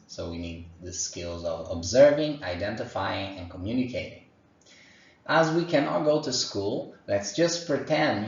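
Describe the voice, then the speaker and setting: A male teacher speaks slowly and patiently to young children, his low voice encouraging. He sits a little back from the mic, and the dull recording carries a roomy echo. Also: a little hiss or hum. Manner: slow, encouraging, sounds out animal noises. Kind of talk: online lesson for young children. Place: room at home. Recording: echoey, distant, dull home recording.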